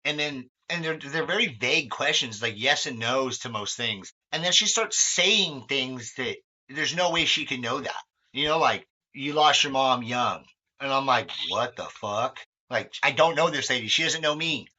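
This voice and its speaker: Talking candidly and meandering with plenty of filler words and cursing, a young podcast host speaks in an expressive, mid-range voice that sounds pushed and bright. His pace is normal, though the lo-fi audio comes across dull.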